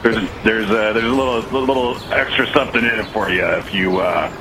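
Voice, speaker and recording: A man's voice: fairly low pitch, close to an everyday voice. A man voicing a confused caller ordering pizza, hesitant and flirty, with background noise. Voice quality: hesitant, halting.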